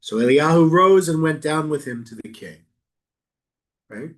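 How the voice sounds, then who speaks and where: A man leading a Bible study as rabbi, reading verses aloud and riffing on them with quick jokes. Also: a little high, lively intonation. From New York. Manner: playful, quick asides, reads verses then riffs. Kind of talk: casual text study, reading aloud and joking.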